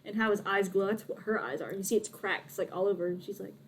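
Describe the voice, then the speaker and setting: A woman's voice: medium pitch, quick pace, slight background noise. A woman narrating a casual tabletop game as game master, often laughing as she describes scenes.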